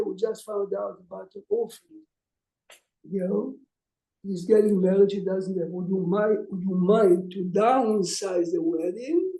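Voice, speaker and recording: A man's voice: sits high, gravelly, mellow. A man teaching a class as a rabbi, telling stories in a conversational way and asking his listeners questions. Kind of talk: informal lecture with storytelling. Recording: echoey room.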